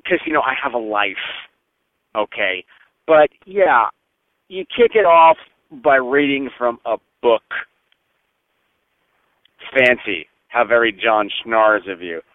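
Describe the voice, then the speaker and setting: A man's voice: medium pitch, expressive, slow pace, long pauses, no room sound. A man leaving a sarcastic, profane, mocking voicemail for a podcast. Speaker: voicemail caller. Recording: tinny phone line, dry.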